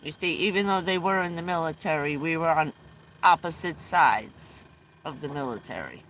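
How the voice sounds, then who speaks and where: A woman's voice: low voice, animated, normal speed, fairly bright tone, slight background noise. A middle-aged woman telling family stories casually on a livestream, rambling with frequent restarts and bursts of laughter, speaking from inside a vehicle. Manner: rambling, restarts often, laughs between anecdotes.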